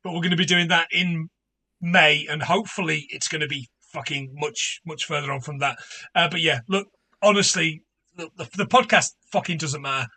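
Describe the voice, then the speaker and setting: A man speaks with a high, bright tone. He makes an earnest appeal, swearing casually and filling pauses with plenty of ums. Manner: earnest and sweary, with many fillers. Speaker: guest podcaster. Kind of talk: casual chat, charity appeal.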